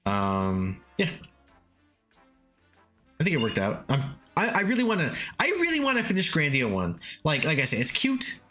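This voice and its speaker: A man's voice: fairly high pitch, huge pitch swings, moderate pace, pushed and bright. A man streaming games, chatting casually, reading chat aloud, swearing freely and chuckling often. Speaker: game streamer. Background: faint lofi background music.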